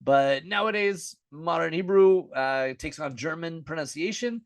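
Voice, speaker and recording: An American man teaching the alphabet in a relaxed lesson, saying each letter name aloud again and again as he writes it. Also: fairly high pitch, unhurried, no echo, studio quality. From United States. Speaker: Bible and Hebrew teacher.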